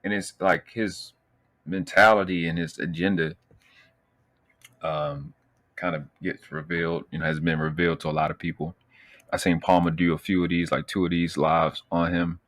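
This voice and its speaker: A man's voice: sits low, fairly bright tone. A man with a Baltimore accent hosting a live stream, talking loose and profane, rambling with slang. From Baltimore, USA. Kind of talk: casual live stream commentary.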